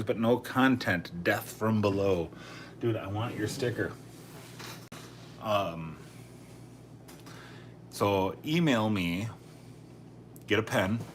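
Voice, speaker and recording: A man's voice: lowish voice, slight background noise. A man hosting a casual live stream, chatting and thinking aloud as he sorts coins, often correcting himself. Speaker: coin collecting channel host.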